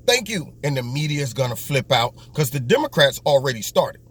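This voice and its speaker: A man's voice: medium pitch, expressive, quick pace, hardly any pauses, fairly bright tone. A man hosting his own political talk show, delivering a sarcastic commentary monologue and slipping into mocking voices. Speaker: host.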